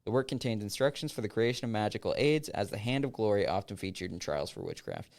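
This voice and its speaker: A young man hosting a casual podcast reads passages aloud, slipping in quick asides, jokes and laughs. His lowish voice is very animated and creaky, with a slightly mellow edge.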